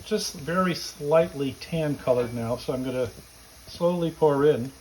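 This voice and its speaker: A man's voice: a little high, measured pace, slight background noise, low-quality recording. Chatty man demonstrating a home recipe. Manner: relaxed, chatty, explains step by step. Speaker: home cooking host. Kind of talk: casual cooking demonstration. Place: backyard garden, then home kitchen.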